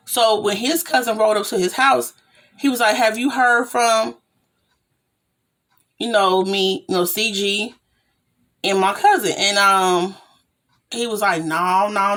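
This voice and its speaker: A woman from California telling a personal story in a casual, slangy way, her voice rising high whenever she quotes herself in the tense moments. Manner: animated, slangy retelling with rising excited quotes.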